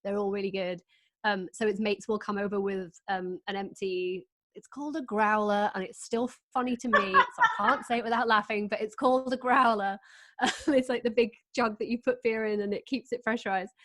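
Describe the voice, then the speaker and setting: A woman hosting a casual video-call chat, telling lively anecdotes and laughing often. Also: mid-range voice, a little fast. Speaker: host and author.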